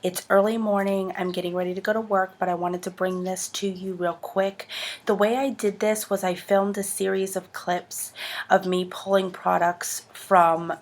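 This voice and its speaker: A woman's voice: mid-range voice, level tone. A young adult woman with a nasal voice from a cold, chatting casually and rambling a little as a beauty vlogger. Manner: chatty, rambling, quick asides. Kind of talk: casual vlog chat.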